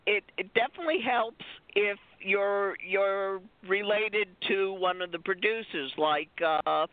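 A woman's voice: fairly low pitch, no room sound. A woman guest who is a stunt performer, telling rambling, digressive stories in a casual chat over a phone line. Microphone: phone call-in. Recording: dry, tinny phone line.

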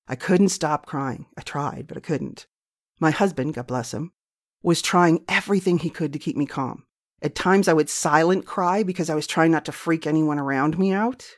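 A woman's voice: low voice, normal speed. A middle-aged woman hosting a show, telling a personal story in a candid, profane, self-mocking way. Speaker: podcast host.

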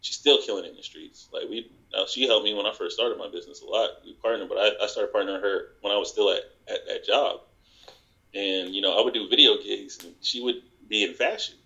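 A man guest on a podcast, telling work stories in casual chat and acting out the people he quotes in higher voices. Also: fairly quick, pushed and bright, dull audio.

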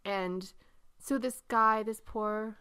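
Middle-aged woman podcast co-host, bright and smooth, laughs through her stories. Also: mid-range voice, slow pace. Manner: animated storyteller, laughs often. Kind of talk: casual chat.

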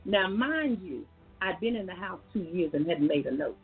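A woman's voice: fairly low pitch, animated, moderate pace. A woman gives a folksy, preachy faith testimony as a guest on a call-in show, talking straight to her listeners. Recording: tinny phone line with faint music.

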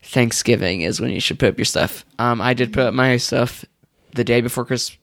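A man's voice: medium pitch, moderate pace, vocal fry, fairly bright tone, no echo, studio quality. A man co-hosting a casual podcast, rambling and hesitant with many restarts. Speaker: podcast co-host.

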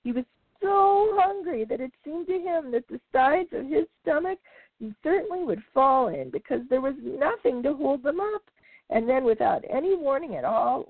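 A woman hosting a podcast, reading a children's animal story aloud in a lively, expressive way. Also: sits high, creaky, dry recording. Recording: dry, tinny phone-like sound.

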